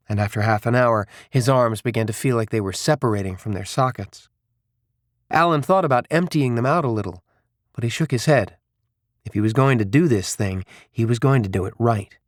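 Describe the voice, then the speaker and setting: A man narrates an audiobook in a steady, even storytelling voice. His pitch sits in the middle for a man. He is recorded close with a dry sound and no room around it. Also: no echo. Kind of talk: scripted narration.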